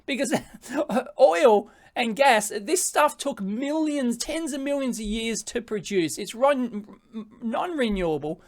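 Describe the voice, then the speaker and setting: Animated Australian man giving a lesson. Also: extremely high pitch, slow. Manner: animated, jokey, prone to tangents. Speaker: presenter to high school students. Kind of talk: classroom presentation.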